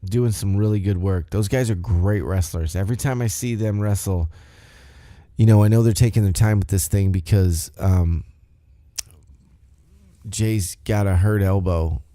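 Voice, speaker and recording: A man's voice: lowish voice, steady tone, unhurried, mellow, dry recording, clean studio sound. A man hosting a podcast, recapping a show in a rambling, conversational way. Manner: rambling, conversational, loose storytelling. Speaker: podcast host. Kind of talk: casual wrestling recap.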